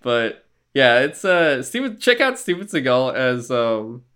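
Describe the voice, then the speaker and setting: Man, podcast co-host, casual rambling chat, jokey, mid-pitched voice. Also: very animated, unhurried, fairly bright tone, smooth. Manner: rambling, joking, swears casually.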